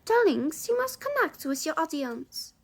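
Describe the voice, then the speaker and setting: Woman putting on a showy French-accented drama teacher, higher pitched and grand. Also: very animated, a little slow, creaky, exaggerated voice. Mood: dramatic. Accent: put-on French.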